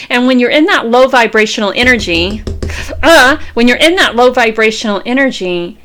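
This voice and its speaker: With a fairly high, lively, slightly bright voice at a moderate pace, a woman in her fifties who reads tarot gives a fervent motivational talk. She preaches, repeats phrases, and swears openly while pushing her viewers forward.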